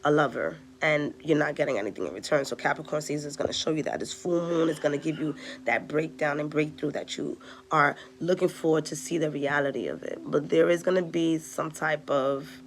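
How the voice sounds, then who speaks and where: A woman's voice: low voice, brisk. A woman giving a casual tarot reading, chatty and direct, talking straight to her viewers. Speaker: tarot reader.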